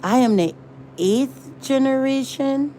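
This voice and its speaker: A woman's voice: sits high, takes it slowly, mellow, slight background noise. A woman rambling and searching for words in a casual livestream chat. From American South. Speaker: livestream host.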